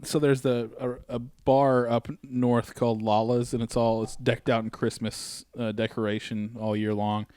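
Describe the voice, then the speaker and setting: A man co-hosting a casual podcast, chatty and quick to laugh, talking in quick bursts. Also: medium pitch, level tone, darkish tone, clear, resonant tone, dry recording. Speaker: podcast co-host. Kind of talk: casual chat. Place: podcast studio.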